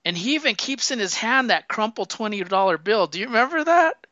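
A man chatting casually about a film, telling the story in an animated way and acting out the lines. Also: high-pitched, fairly quick, dry recording. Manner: animated storyteller, acts out quotes. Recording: dull lo-fi sound.

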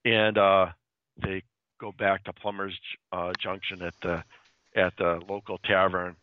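A man's voice: deep voice, level tone, unhurried, slight background noise. A man casually retelling a spooky story, chatty and full of fillers. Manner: chatty, with fillers and quoted voices. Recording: dry, tinny phone-like sound.

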